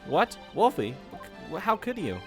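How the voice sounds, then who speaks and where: A man's voice: sits high, very animated, measured pace, darkish tone, faint music behind, pitched above the performer's own voice. A man voicing a perky, cheerful young female thief sidekick in a game. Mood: shocked.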